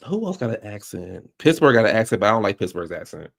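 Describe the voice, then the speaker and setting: A man with a fairly low voice hosts a casual livestream chat into his streaming mic. He rambles loosely, circling back with plenty of "like" and restarts. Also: big pitch swings, fast talker, gravelly, a bit bright. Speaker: livestream host. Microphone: streaming microphone.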